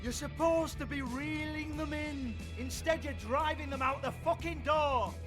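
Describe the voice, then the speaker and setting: A man's voice: extremely high pitch, unhurried. An actor playing a foul-mouthed, bullying male club owner, snarling and berating. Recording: game audio under loud music.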